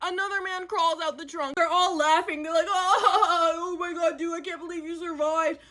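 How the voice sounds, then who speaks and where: A young woman telling a first-date story in an animated, dramatic storytime monologue. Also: extremely high pitch, moderate pace. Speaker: storyteller in a clip.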